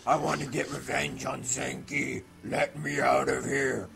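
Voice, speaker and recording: A man voicing a sealed, vengeful male demon who shouts to be let out, over a noisy recording. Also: mid-range voice, level tone, a little slow, gravelly, over music. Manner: shouting, demanding.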